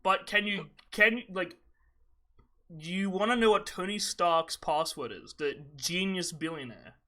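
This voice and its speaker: A young man hosting a casual gaming podcast, his voice high and piercingly bright. He rants with plenty of swearing and mockery and breaks into laughter often. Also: unhurried. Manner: profane, mocking, laughs often. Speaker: podcast host.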